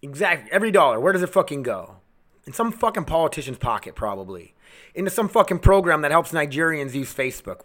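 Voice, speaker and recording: A man's voice: very animated, quick pace. Angry, foul-mouthed man ranting. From United States. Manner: angry, swearing constantly, heated; veers between shouting and low muttering. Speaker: podcast host. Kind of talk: solo podcast rant.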